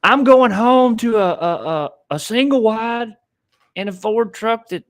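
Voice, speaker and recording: A man putting on a high-pitched grumbling country fan. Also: a little slow. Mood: resentful. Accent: Southern US country. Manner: exaggerated country drawl. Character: grumbling rural male football fan, resentful.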